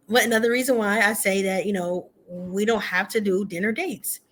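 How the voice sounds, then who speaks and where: Woman co-host, casual dating talk, candid and chatty, average pitch. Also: fairly even intonation, moderate pace, a bit bright. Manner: candid, chatty, frequent fillers and laughs. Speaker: podcast co-host. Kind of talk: casual chat.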